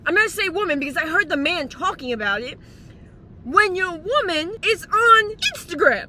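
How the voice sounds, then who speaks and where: A woman's voice: very high-pitched, lively intonation, normal speed, pushed and bright, slight background noise. A young woman with a slight lisp, ranting in a casual vlog, heated and exclamatory with plenty of swearing. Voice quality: slight lisp from dental aligners. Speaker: vlogger giving life advice.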